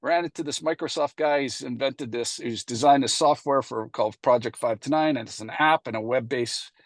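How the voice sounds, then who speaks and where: A middle-aged man spins a story-driven talk, full of fillers and little acted-out exchanges. His voice sits at an everyday middle pitch. The sound is close and dry, with no room echo. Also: brisk. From Canada. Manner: anecdotal, acts out past dialogue, frequent fillers. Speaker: presenter at a committee meeting. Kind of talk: casual storytelling presentation.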